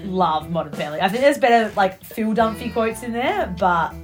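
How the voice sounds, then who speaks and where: A woman hosting a casual podcast quote game, chatty and quick to laugh. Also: mid-range voice, lively intonation, soft background music. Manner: chatty, laughs often, reads quotes in put-on voices. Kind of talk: casual chat.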